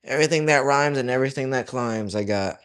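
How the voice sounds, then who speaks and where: A young man chatting casually on his livestream while he draws, reading viewers' comments aloud and joking around, his voice swinging from loud to mumbled. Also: mid-range voice, quick pace, clear, resonant tone. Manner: reads chat aloud, jokey, drifts loud to mumbling. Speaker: livestreaming artist.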